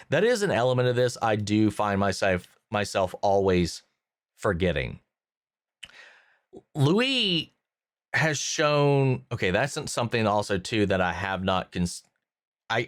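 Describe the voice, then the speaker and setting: A man's voice: lowish voice, no room sound, clean studio sound. A man hosting a reaction channel, thinking aloud about a series episode in a casual review with many fillers and restarts.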